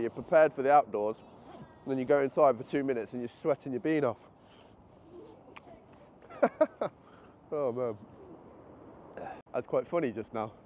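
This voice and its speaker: Slightly out of breath, a man with a medium-pitched voice narrates a casual travel vlog on a handheld camera, excitedly thinking aloud as he walks city streets and ducks into a convenience store. Street noise comes through the muffled camera audio.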